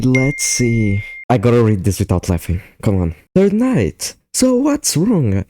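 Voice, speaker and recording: A young man commentating a horror fan game, laughing often, swearing and reacting excitedly between explanations. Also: lowish voice, unhurried, no echo, soft background music. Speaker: gaming YouTuber. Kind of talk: game commentary mixing live play and scripted explanation.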